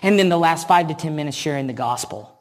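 A woman preaching a sermon, telling a story slowly and earnestly with emphatic repetition. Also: sits low, lively intonation.

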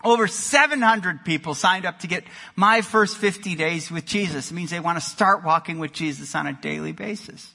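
A male pastor delivering an energetic sermon in a church, moving between loud exclamations and quiet emphasis. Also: high voice, moderate pace, gravelly, few pauses. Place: church sanctuary. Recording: long hall reverb.

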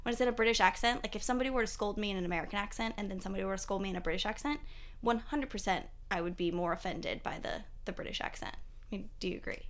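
A young adult woman co-hosting a casual pop culture podcast, talking in a chatty, animated way with lots of fillers. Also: mid-range voice, very fast. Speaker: podcast co-host.

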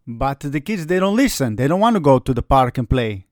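A man with a foreign accent, calm and drily skeptical, co-hosting a casual soccer chat. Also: medium pitch, fairly quick, no room sound, clean studio sound. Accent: non-American. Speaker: soccer podcast co-host.

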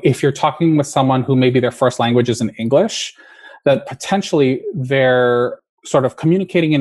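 A man's voice: mid-range voice, darkish tone. A man talking as a podcast guest about his work as a linguist, explaining ideas in a loose, storytelling way. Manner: explanatory, storytelling, frequent "like" fillers. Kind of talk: casual interview chat.

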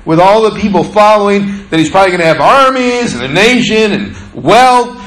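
A male pastor preaching a sermon with animated delivery, acting out the scripture. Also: sits high, moderate pace, roomy sound.

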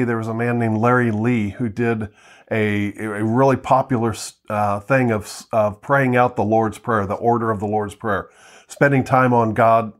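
Earnest man teaching scripture. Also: medium pitch. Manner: earnest, reads scripture slowly, repeats words. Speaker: Bible teacher. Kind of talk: teaching sermon. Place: at home, seated with Bible on lap.

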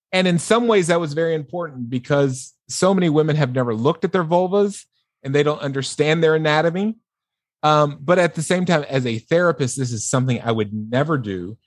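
Measured male sex therapist, dry sound. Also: mid-range voice, dry recording. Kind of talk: casual podcast conversation.

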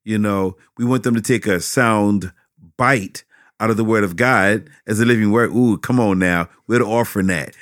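A middle-aged man, a pastor, answering interview questions about teaching children, with animated, preacherly emphasis and frequent repetitions. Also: lowish voice, normal speed, dry recording, clean studio sound.

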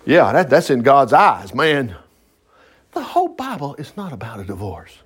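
A man teaching from the Bible in a folksy, animated way, breaking off often to joke and comment. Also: medium pitch, slightly rough. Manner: folksy, animated, quick to laugh and digress. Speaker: preacher.

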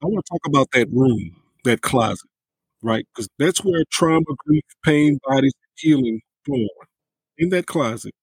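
A man hosts a podcast interview in a husky voice, recorded dry and close. He muses reflectively and turns to address his listeners directly. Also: mid-range voice, lively intonation, moderate pace, no echo, poor audio. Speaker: podcast host. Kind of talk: interview hosting.

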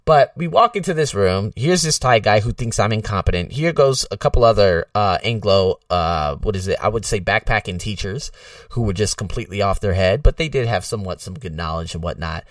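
A man's voice: lowish voice, a little fast, no echo, studio quality, distant mic. A man from the United States, a podcast host, talking in a casual, rambling way with lots of fillers. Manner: rambling, filler-heavy, animated.

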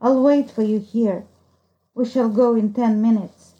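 A woman's voice: on the high side, fairly even intonation, measured pace, warm tone, dull audio, lightly acted. A woman voicing a stern older man who talks brusquely. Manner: brusque, curt. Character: stern gruff older male master.

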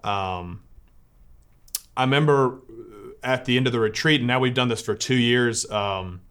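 A man's voice: medium pitch, unhurried, a bit bright, clear, resonant tone. A Catholic priest telling a personal story to listeners in an earnest way, often restarting as he searches for words.

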